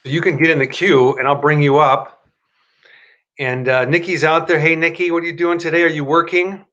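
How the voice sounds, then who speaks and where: A man talks into his computer mic while hosting a live stream. He rambles in a chatty way and often stops to correct himself. At times he slips into an upbeat motivational pitch. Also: fairly even intonation, normal speed, a bit bright, lo-fi sound. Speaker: host of a live stream show. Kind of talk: casual live-stream talk and self-help pitch.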